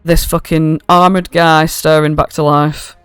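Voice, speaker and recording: Woman as game master, casual sweary narration, smooth close dry sound. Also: low-pitched, little pitch movement, unhurried, no room sound, soft background music. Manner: casual and swearing, with many fillers. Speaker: dungeon master.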